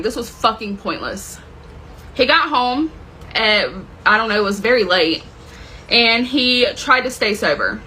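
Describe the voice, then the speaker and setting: Woman telling a wild story, kinda high bright voice, cusses a lot, faint hum behind. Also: poor audio. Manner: intense, swearing, dramatic retelling. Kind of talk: personal story told to camera.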